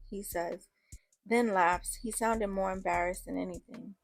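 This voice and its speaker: A woman's voice: mid-range voice, fairly even intonation, moderate pace, gravelly, faint music behind. A woman narrating a first-person story in a casual, slangy way.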